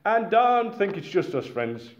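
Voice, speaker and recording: A man from Britain preaching a sermon in a lively, conversational way with asides to his listeners. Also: high voice, unhurried. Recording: echoey, dull-sounding hall recording.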